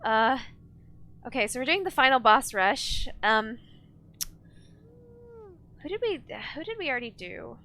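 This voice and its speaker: Young female streamer, high-pitched and bright, chatty and ranty. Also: sing-song, unhurried, long pauses. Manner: rambling, ranting, reads chat aloud. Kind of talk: casual live-stream chat while gaming.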